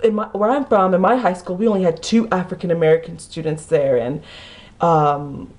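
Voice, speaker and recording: A woman's voice: lowish voice, fairly even intonation, moderate pace, a little mellow. A young woman with a Kentucky accent telling a rambling story to her vlog, full of restarts and "like.". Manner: rambling, many restarts, lots of "like". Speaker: vlogger.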